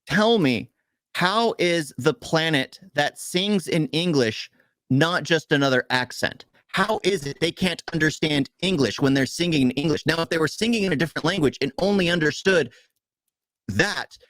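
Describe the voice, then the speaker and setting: Man, exasperated podcast rant, somewhat high pitch. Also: no room sound, studio quality. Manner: animated, exasperated, rapid complaining. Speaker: podcast co-host. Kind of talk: casual movie review rant.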